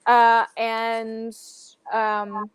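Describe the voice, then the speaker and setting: A woman's voice: fairly high pitch, monotone, very slow, smooth, dry recording, highs cut off. A woman narrating a tabletop game as game master, loose and rambling with many fillers.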